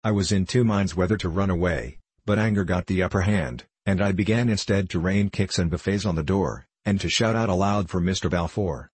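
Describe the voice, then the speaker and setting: Deep, breathy male storyteller. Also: dry recording. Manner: steady, measured storytelling. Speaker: audiobook narrator. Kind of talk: scripted narration.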